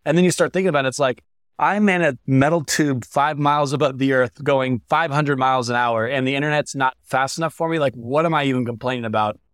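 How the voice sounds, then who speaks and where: A young man speaks as a podcast guest, candid and heartfelt as he tells a painful story. His voice sits at an ordinary pitch and the recording is dry and close, with no room sound. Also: quick pace, a bit bright, smooth, dry recording. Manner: earnest, heartfelt, emotional at times.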